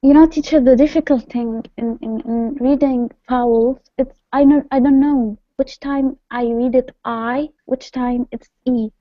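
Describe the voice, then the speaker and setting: High-voiced woman learner reading carefully. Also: fairly even intonation, unhurried, few pauses, no echo, lo-fi sound. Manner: careful, hesitant reading aloud. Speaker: language student.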